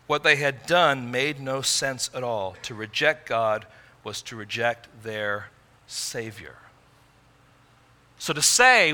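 Bright-voiced male preacher. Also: on the high side. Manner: earnest preaching, emphatic rises and quiet drops. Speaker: pastor. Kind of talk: sermon.

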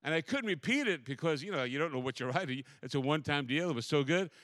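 A man preaching as a pastor in a church, telling a story with animated, repetitive preaching cadence. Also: a little high, quick pace, no echo, studio quality. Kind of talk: sermon.

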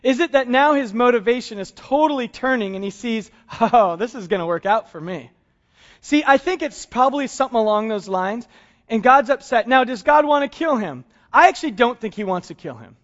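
A man's voice: very high-pitched, expressive, fairly quick, fairly bright tone, muffled recording. A man preaching a sermon in a conversational, humorous way, chuckling often. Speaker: pastor.

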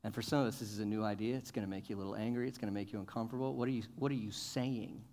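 A male pastor preaching a sermon, asking questions and building to emphatic, loud points. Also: lowish voice, steady tone, rapid-fire. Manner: rises to emphatic, loud peaks, asks the congregation questions.

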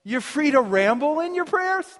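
A high-voiced man preaches with lively, joking energy and laughs often between his points. His voice carries a long reverb, as if he is speaking in a large hall. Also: moderate pace. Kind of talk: sermon.

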